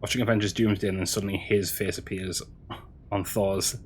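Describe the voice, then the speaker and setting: A man streaming a game, chatting casually with his audience in a halting way, with frequent restarts. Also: low voice, level tone. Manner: halting, chatty, many restarts, answering chat. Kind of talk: casual stream chat while gaming.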